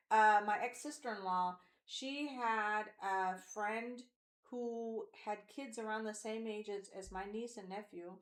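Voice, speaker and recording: A podcast co-host in her forties, with a mid-range voice and a roomy sound, shares candid personal stories. She rambles, using plenty of fillers and imitating the voices of others.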